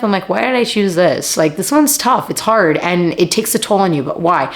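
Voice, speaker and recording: A woman's voice: medium pitch, animated, fairly quick, few pauses. Teary, earnest woman vlogger. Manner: earnest, pleading, repeats herself. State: teary, laughing through tears. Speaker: vlogger and acting coach. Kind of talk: emotional confessional vlog.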